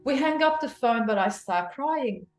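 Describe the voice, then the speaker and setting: A woman in her forties tells her personal story as an interview guest, emotional and animated, with many restarts. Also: fairly high pitch, unhurried. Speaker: guest, clinic founder. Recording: roomy echo, faint music.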